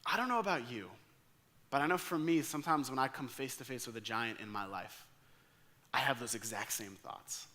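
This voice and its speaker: An American man preaching a sermon, telling a story with lively acted-out quotes. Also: medium pitch, moderate pace. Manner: energetic storyteller acting out quoted lines. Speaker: pastor.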